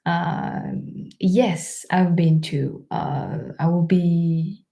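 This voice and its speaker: A young woman with a French accent, hosting a casual live stream, chatting with many fillers and quick laughs. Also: fairly low pitch, vocal fry, mellow. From France. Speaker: live stream host reading chat.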